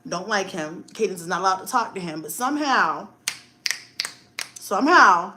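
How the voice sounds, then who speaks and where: A woman in her forties on a livestream, telling stories in a lively way, swearing freely and talking straight to her viewers. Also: mid-range voice, moderate pace, noisy background. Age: 40s. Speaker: livestream host. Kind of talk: casual livestream chat.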